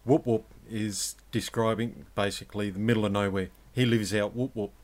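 A man with an Australian accent in casual chat, calm and laid-back, often breaking into giggles. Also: on the low side, normal speed, very noisy.

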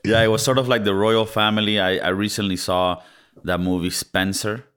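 Low-voiced man in casual movie chat. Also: moderate pace, clean tone. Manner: animated, swearing, puts on mock voices. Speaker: podcast co-host.

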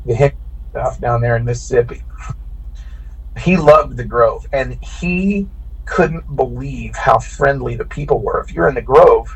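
A man's voice: mid-range voice, a little slow, husky, low-quality recording. A man from Illinois who races cars, telling a long, rambling story with lots of restarts in casual podcast chat. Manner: animated, rambling anecdote with frequent restarts. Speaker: podcast guest, bracket racer.

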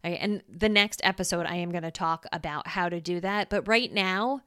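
A woman's voice: fairly low pitch, fairly bright tone, smooth, no echo, clean studio sound. A woman hosting a casual solo podcast, explaining ideas in a chatty way and often checking in with the listener. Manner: chatty, checks in with "right?", acts out quick voices. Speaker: podcast host.

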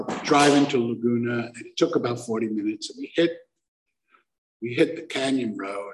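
A man's voice: mid-range voice, rough recording. Self-mocking male storyteller. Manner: conversational, self-mocking, acts out quoted voices. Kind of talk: live personal storytelling.

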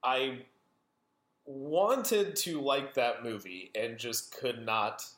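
A man's voice: medium pitch, very slow, a bit bright. A man co-hosting a podcast, chatting casually about films, enthusiastic and rambling, often laughing. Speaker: podcast co-host. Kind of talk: casual film discussion. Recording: roomy echo.

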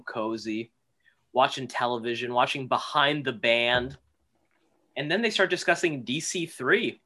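A man's voice: mid-range voice, sharp tone. A man co-hosting a podcast, making dry quips and recapping a dream sequence in casual chat. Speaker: podcast co-host.

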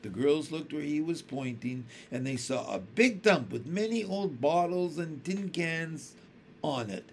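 A man reading a children's book aloud with expressive storytelling. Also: fairly high pitch, measured pace, slight background noise. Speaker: audiobook reader.

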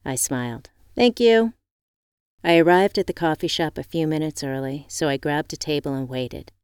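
A woman narrates a first-person audiobook in a low, smooth voice. Her reading is measured and expressive. The sound is dry and close on the mic. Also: no room sound.

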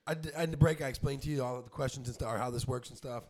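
A man's voice: mid-range voice, fairly even intonation, racing, darkish tone. A man hosting a podcast in casual chat, profane and argumentative. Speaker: podcast host.

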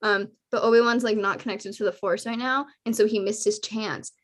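A young woman co-hosting a podcast in casual chat, excitable and gushing, laughing often. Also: medium pitch, fairly quick. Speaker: podcast co-host.

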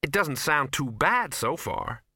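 A man voicing a fiery, paranoid young actress, speaking quickly with anguish and a sharp edge. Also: fairly high pitch, very animated, slightly rough, no room sound, clean studio sound, voice pushed up, exaggerated voice. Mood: anxious.

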